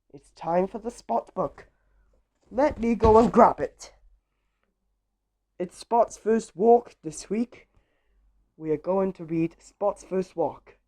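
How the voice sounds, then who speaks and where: Woman reading kids' books aloud, slow, mellow, animated, gasps at each page. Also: lowish voice. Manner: animated, gasping at each page, talks to young listeners. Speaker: storybook reader.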